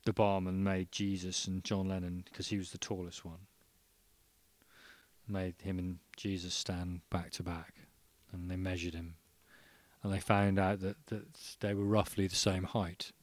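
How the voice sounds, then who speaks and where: A man doing a stand-up comedy set in a studio, telling rambling absurd jokes in a deadpan manner. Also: sits low, a little slow, dry recording.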